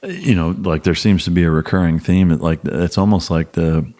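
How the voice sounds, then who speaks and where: A man's voice: low-pitched, steady tone, brisk, mellow. A man hosting a podcast, chatting casually with short, profane interjections. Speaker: podcast host. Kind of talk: casual chat.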